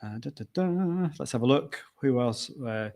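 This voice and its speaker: A man's voice: medium pitch, expressive, a little slow, a little mellow. A man hosting a live video show, chatting casually from a conference venue and reading out viewer comments as he goes. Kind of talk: casual live-stream chat.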